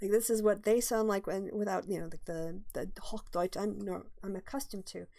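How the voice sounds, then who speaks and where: A woman's voice: mid-range voice, steady tone, moderate pace, gravelly, warm tone. Rambling woman host on a livestream. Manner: rambling, thinking aloud with many fillers and restarts. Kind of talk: casual chat reading viewer questions.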